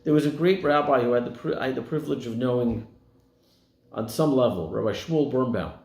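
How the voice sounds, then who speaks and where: A man's voice: a little fast, vocal fry, a little mellow. A man rabbi giving a sermon, telling stories and acting out the people in them. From United States. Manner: storytelling, voicing quoted people with rising pitch. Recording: echoey room.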